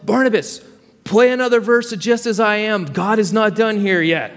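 A man voicing an excited apostle who animatedly retells his journey in the first person. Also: high voice, normal speed, long reverb tail, voice pushed up.

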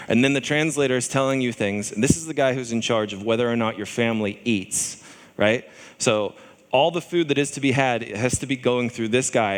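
A man's voice: medium pitch, fairly bright tone, long reverb tail. A man preaching a sermon in a conversational way, often acting out the voices of people in scripture.

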